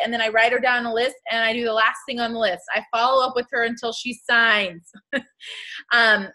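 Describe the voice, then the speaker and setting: A young woman talks to her sales team on a casual live stream, chatty and upbeat with frequent laughs. Her voice is bright and a little high. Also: flat delivery, moderate pace. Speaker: team leader hosting a live video.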